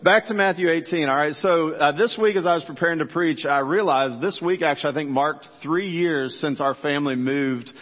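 A middle-aged pastor in a church sanctuary preaches casually and jokingly, speaking straight to his congregation. His voice is fairly high and fairly quick, with hardly any pauses. The sound is dull, with long church reverb.

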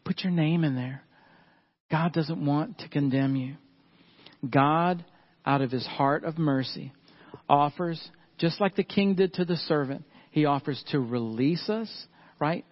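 A middle-aged man, preaching a sermon earnestly and slowing down and softening on key points. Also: a little high, dull audio. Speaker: pastor.

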